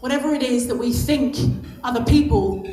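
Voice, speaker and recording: On an echoey hall's stage at a lunch event, a woman in her fifties delivers an impassioned motivational speech as guest speaker. Her voice sits on the high side and sounds mellow at a normal speed, and she drives her points home emphatically through repetition.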